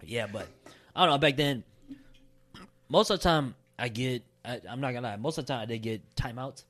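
A man's voice: mid-range voice, fairly quick, a bit bright. A young man and father in casual podcast chat, laid-back and slangy, swearing freely.

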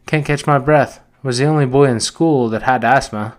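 A man's voice: medium pitch, normal speed, close to an everyday voice. A man reading aloud and voicing a chubby, anxious schoolboy with glasses who chatters eagerly and asks worried questions.

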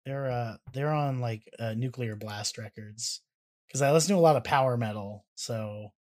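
A man co-hosting a podcast, chatting casually as he reacts to songs, alternating between excitable swearing and hesitant trailing off. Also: medium pitch, normal speed. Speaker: podcast co-host. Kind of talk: casual music-reaction chat. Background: faint music playing.

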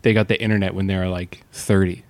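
A man, a comedian co-hosting a casual chat, halting with lots of fillers and deadpan jokes. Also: sits low. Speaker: podcast co-host, comedian.

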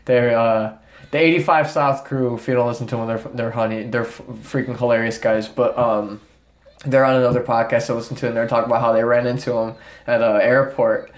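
A man chatting casually on a podcast, swearing freely and telling stories with lively energy. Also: mid-range voice, fairly quick. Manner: loose, swearing, animated storytelling. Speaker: podcast co-host. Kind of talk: casual chat.

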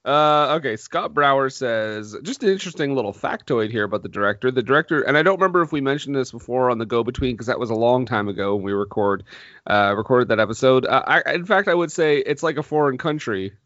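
A man's voice: mid-range voice, lively intonation, fast, a bit bright, dry recording, highs cut off. A man co-hosting a casual film podcast, playful and teasing, laughing often. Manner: playful, laughs often, teases his co-host. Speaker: podcast co-host.

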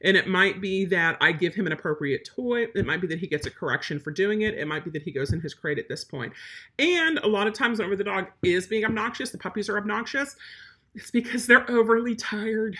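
Brief: woman dog trainer, bright forceful tone with a husky edge, no-nonsense Q&A delivery. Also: mid-range voice, expressive, fast talker. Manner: blunt, emphatic, matter-of-fact. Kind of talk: live Q&A advice on dog training.

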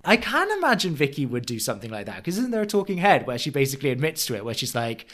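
A man co-hosting a podcast in casual chat, animated, breaking into quick quoted impressions. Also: medium pitch. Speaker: podcast co-host.

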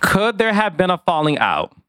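A middle-aged man giving chatty, expressive reality-TV commentary, with sassy asides. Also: sits high, moderate pace, no echo, studio quality. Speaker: commentator, former field producer. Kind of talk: casual reality-TV commentary to camera.

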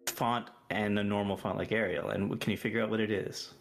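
A man's voice: fairly low pitch, flat delivery, brisk, gravelly. A man on a gaming podcast, teasing the host and explaining things patiently. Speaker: podcast guest. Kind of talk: casual podcast chat.

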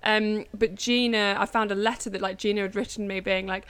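A woman talking as a podcast guest in casual chat, pausing and restarting her sentences as she thinks. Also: mid-range voice, steady tone, a bit bright, smooth. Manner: halting, restarts often, reflective.

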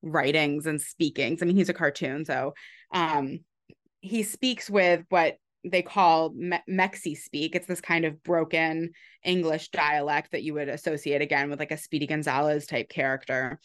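A woman's voice: sits low, a bit bright. A woman author and historian giving a long, explanatory interview answer, laughing lightly between points.

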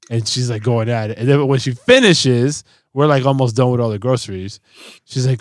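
A man's voice: medium pitch, moderate pace, no room sound. A middle-aged man telling a story in a casual chat, swearing freely and acting out quotes. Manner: profane, animated storytelling with voiced quotes. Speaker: podcast co-host.

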